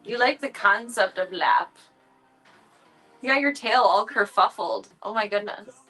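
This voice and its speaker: A woman's voice: medium pitch, a little slow, a bit bright, faint music behind, rough recording. A woman livestreaming from home, chatting casually and cooing playfully at her cats in baby talk.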